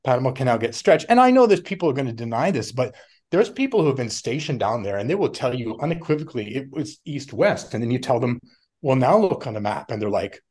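Middle-aged guy rambling on, animated, keeps laughing and doing little voices. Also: mid-range voice, fast, slightly rough. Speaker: podcast guest. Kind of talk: casual conversation.

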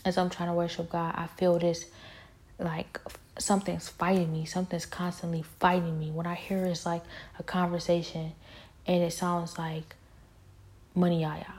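A woman's voice: on the low side, flat delivery, normal speed, darkish tone. A woman talking in a casual spoken monologue, intense and rambling, with pointed, confrontational questions and many fillers.

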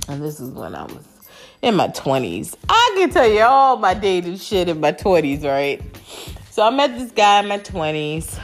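A woman telling a dating story in a relaxed, chatty way, her low-set voice swinging widely in pitch as she goes. She swears casually. Faint music plays underneath. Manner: animated, chatty, swears casually, quotes others in raised voices.

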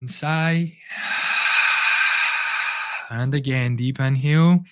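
A man, a breathwork coach, guiding listeners through a breathing exercise with calm, slow, soothing instructions. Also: mid-range voice.

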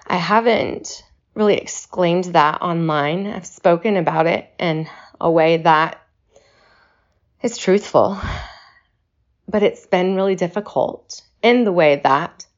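Breathless woman, slow reflective talk. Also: lowish voice, lo-fi sound. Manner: slow, reflective, reassuring delivery. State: short of breath. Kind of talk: personal video message.

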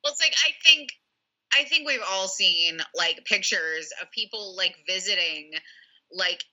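Very bright-voiced woman co-host. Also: medium pitch, animated, rough recording. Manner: reactive, quick astonished interjections. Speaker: podcast co-host. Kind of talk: casual podcast chat.

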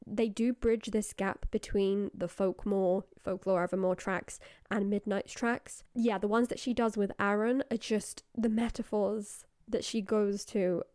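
A woman's voice: mid-range voice, steady tone, unhurried, hardly any pauses, darkish tone, no room sound. Woman, enthusiastic, analytical, casual podcast chat, dry close sound. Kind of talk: casual chat about song lyrics.

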